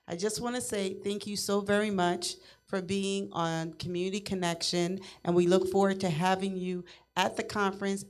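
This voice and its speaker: A woman's voice: mid-range voice, slight background noise. A woman hosting a community radio show, chatting with a caller in an upbeat, affirming way. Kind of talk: casual call-in interview.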